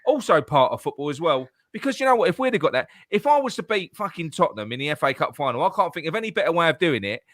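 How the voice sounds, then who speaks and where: High, lively sweary man ranting. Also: fast, hardly any pauses. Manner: sweary, ranting, restarts a lot. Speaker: podcast co-host. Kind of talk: casual football chat.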